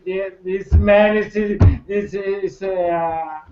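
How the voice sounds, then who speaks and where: Male English learner; broken, halting, high-pitched. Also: steady tone, warm tone, roomy sound, dull audio. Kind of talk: classroom chat. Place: classroom.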